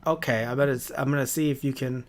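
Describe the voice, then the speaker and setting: A man's voice: mid-range voice, steady tone, quick pace. A man co-hosting a casual podcast chat, talking in a rambling, hesitant way with frequent swearing. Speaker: podcast co-host.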